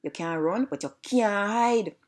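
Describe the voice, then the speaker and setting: A woman's voice: medium pitch, unhurried, natural voice. A woman voicing a big bad hungry male dog in a storybook, swaggering and boastful in Jamaican patois.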